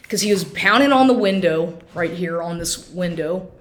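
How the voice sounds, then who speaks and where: A woman recording herself on a phone at home, telling an emotional personal story in an agitated, halting way with many restarts and swearing. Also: fairly low pitch, expressive. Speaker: vlogger. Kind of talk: emotional personal account to camera. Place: at home, inside and on the porch.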